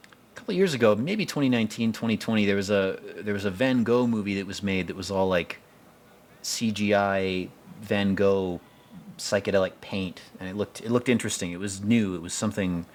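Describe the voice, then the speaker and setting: A man with a fairly low voice talking through a film in loose, off-the-cuff commentary. He rambles, restarts his sentences, and swears bluntly as he goes. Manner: rambling, blunt and profane, with many fillers. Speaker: podcast host. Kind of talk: casual movie commentary.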